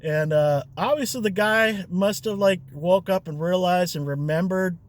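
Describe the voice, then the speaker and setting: A man with a voice a touch higher than most tells a rideshare story in an easygoing, rambling way. He leans on fillers and small chuckles as he goes. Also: measured pace. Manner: chatty, loose, with fillers and chuckles. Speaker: rideshare driver and vlogger. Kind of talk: casual storytelling.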